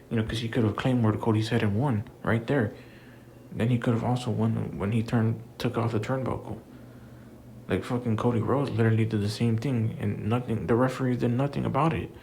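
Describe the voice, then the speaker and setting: A man's voice: mid-range voice, creaky, darkish tone, a little hiss or hum. A man giving a heated, repetitive rant about wrestling, swearing often and stacking up fillers. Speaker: wrestling commentator. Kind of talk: ranting commentary.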